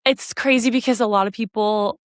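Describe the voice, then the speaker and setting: A woman's voice: fairly high pitch, fairly even intonation, a little fast, no echo, clean studio sound. A woman co-hosting a podcast, chatting casually in an easygoing, laughing way. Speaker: podcast co-host. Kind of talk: casual chat.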